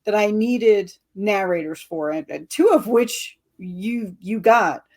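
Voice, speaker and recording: A woman's voice: medium pitch, animated, slow, darkish tone. A woman author as a guest, telling stories animatedly, acting out quotes and laughing often. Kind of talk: casual interview chat.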